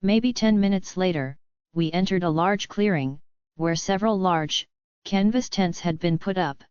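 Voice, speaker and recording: A woman giving scripted first-person audiobook narration in an even, steady reading. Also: fairly low pitch, moderate pace, clear, resonant tone, dry recording. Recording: dull lo-fi dry audiobook recording.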